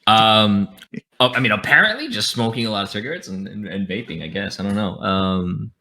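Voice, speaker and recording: A young man chatting casually as a podcast guest, talkative and energetic with lots of fillers and restarts. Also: lowish voice, fairly quick. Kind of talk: casual chat.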